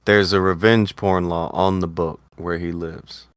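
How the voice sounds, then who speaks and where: A man with a low voice hosts a casual livestream, talking in a wry, needling way and swearing offhand. The sound is dry and close, with no room around it. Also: fairly even intonation, measured pace, clean tone, no room sound. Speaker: stream host.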